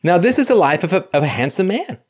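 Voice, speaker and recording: A man hosts a call-in show and tells a story casually, acting out the people in it. His somewhat high voice swings widely, and he stumbles into frequent restarts. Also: quick pace, breathy edge. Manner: animated, stammering restarts, acts out quotes.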